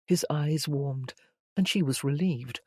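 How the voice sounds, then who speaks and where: Lady reading a romance audiobook, calm and steady, dead dry booth sound. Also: low voice, slow pace, no echo. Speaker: audiobook narrator. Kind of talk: scripted romance narration.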